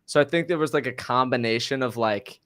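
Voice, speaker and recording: A man's voice: medium pitch, brisk, a bit bright, no echo, clean studio sound. A man co-hosting a casual podcast chat, rambling and laughing, often tripping over his words. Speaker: podcast co-host.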